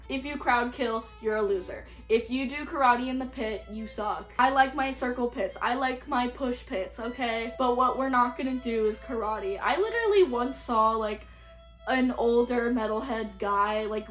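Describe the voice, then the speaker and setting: A young adult woman telling a story in a casual vlog, blunt and profane, with lots of "like" fillers. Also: on the high side. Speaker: YouTuber.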